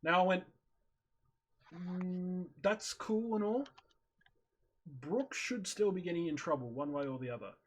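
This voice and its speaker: A man with a husky, slightly breathy voice that sits a bit higher than most men's. He talks casually over voice chat and tells a story with animated energy. He acts out his own reactions as he goes. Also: normal speed. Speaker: streamer in voice chat. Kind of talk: casual chat, retelling a video. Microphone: headset or desk mic on voice chat.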